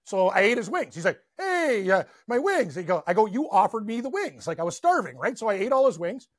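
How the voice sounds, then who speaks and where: A man co-hosting a casual sports betting podcast, telling rambling, animated stories. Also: high voice, quick pace, no room sound, clean studio sound. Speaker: podcast co-host.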